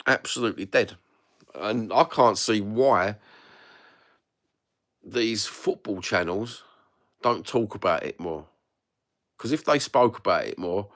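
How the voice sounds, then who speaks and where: On a phone mic, a livestream host reads out chat and rants at his live viewers. He's a middle-aged Londoner whose lowish voice has a fairly bright tone, and he swears freely and speaks bluntly in a casual way.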